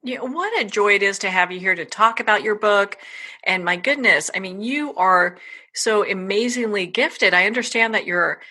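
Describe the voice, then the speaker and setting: A woman's voice: medium pitch, expressive, moderate pace, pushed and bright. A woman hosting an interview show, introducing her guest and asking questions with effusive enthusiasm. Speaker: interview host. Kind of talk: casual interview chat.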